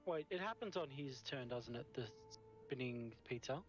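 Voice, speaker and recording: A man's voice: mid-range voice, lively intonation, moderate pace, faint music behind. A man playing in an online tabletop game, hesitant and unsure as he thinks aloud. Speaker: player. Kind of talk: casual chat at a tabletop game. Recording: dull lo-fi mic.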